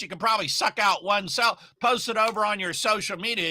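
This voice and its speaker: A middle-aged man from Oklahoma gives a folksy, emphatic pep talk on selling, his voice set high and very bright, with sudden loud bursts. He talks straight into a dry, close mic. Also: lively intonation, moderate pace, few pauses, no echo. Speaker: online marketing coach. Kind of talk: motivational talk to camera.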